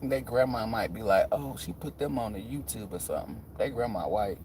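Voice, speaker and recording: A man's voice: lowish voice, brisk, a little mellow, slight background noise. A man hosting a tarot livestream, chatting casually and telling profane stories. He laughs often and acts out the voices of the people he quotes.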